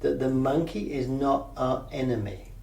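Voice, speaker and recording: A man's voice: medium pitch, unhurried, gravelly, a little mellow. A man coaching a group on mindfulness in a conversational way, often checking that they follow. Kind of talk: teaching a group session. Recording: echoey room, mic at a distance.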